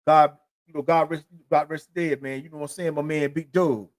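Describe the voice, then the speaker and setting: A man's voice: on the high side, steady tone, a little fast. A middle-aged man telling his life story on his own podcast, rambling and profane, full of filler phrases. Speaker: podcast host. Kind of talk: solo storytelling monologue.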